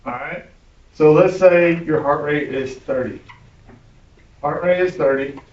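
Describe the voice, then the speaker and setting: A man's voice: a little high, unhurried, darkish tone. Man lecturing in a roomy classroom. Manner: conversational, keeps checking in with "right?". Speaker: instructor. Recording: roomy, distant, dull classroom recording.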